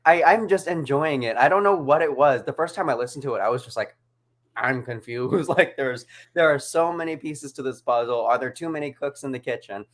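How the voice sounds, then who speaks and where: A co-host in casual chat, animated and quick to laugh, leaning on "like" as a filler. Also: mid-range voice. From United States. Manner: animated, laughs often, leans on "like".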